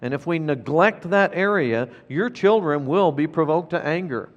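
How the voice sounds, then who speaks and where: Brief: middle-aged man, pastor, earnest emphatic sermon, slightly high voice, long reverb. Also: lively intonation, moderate pace, lo-fi sound. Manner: earnest, emphatic, repeats key points. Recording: long reverb of a large hall.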